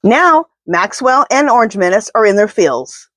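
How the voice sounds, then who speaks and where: A woman's voice: medium pitch, sing-song, moderate pace, a bit bright, no room sound. A woman doing a casual tarot reading to camera, talking to her spirit guides and speaking bluntly and indignantly. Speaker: tarot reader.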